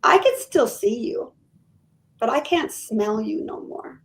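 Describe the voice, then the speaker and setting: A woman voicing a gentle male pet dog who speaks from the spirit world in slow, plain, tender words. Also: a little high, lively intonation, far from the mic. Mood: wistful.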